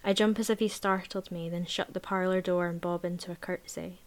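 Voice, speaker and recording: A woman reading a novel aloud in a measured, even voice, then chatting casually about the book. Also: fairly low pitch. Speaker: book reviewer.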